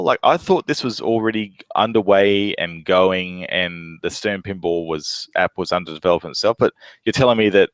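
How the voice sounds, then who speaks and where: A man's voice: low-pitched, moderate pace, dry recording. A man who is a parent, co-hosting a podcast in casual chat, with exclaiming, wry asides.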